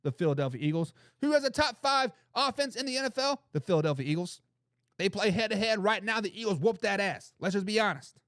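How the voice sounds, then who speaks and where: A man's voice: high-pitched, fairly quick, dry recording, studio quality. A man hosting a football talk show, arguing emphatically and reading chat comments. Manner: emphatic, animated and opinionated, repeats phrases for emphasis.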